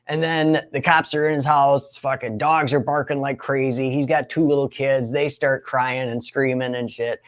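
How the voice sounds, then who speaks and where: A young man in recovery, telling his own story in an animated way, often laughing and acting out other voices. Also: mid-range voice, unhurried. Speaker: recovery speaker. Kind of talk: storytelling talk.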